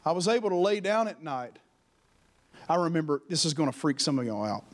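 A man's voice: a little high, big pitch swings, fairly quick. A man preaching a sermon in a church, telling personal stories with fervor and calling out to the congregation. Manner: fervent, personal storytelling with calls to the congregation.

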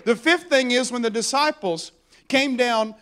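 A man preaching a sermon, animated and storytelling as he acts out the voices in the stories. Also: very high-pitched, unhurried, clean tone, a faint crowd.

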